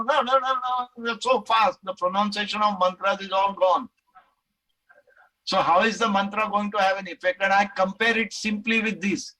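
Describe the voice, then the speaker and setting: A middle-aged Indian man with an Indian English accent and a high-sitting voice gives a lecture and takes questions. He's animated, acting out the voices of the people he quotes, and the recording is rough.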